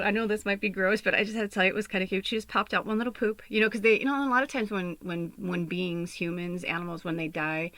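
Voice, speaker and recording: A woman's voice: lowish voice, fairly bright tone, no echo. Brief: young adult woman podcast host, emotional storytelling, tearful and whispery, dry close sound. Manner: tearful, often dropping to a whisper, many fillers. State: on the verge of tears.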